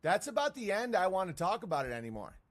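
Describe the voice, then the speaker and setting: High-voiced man ranting profanely. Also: huge pitch swings, quick pace. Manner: mocking, profane, jumps into sarcastic put-on voices. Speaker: streamer.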